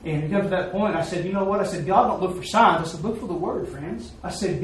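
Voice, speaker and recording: A high-pitched man talks fast with hardly a pause, preaching a mission story in a folksy, repetitive way marked by emphatic peaks. It's sermon storytelling from a preacher giving a mission report, recorded in an echoey hall on a distant mic with faint noise.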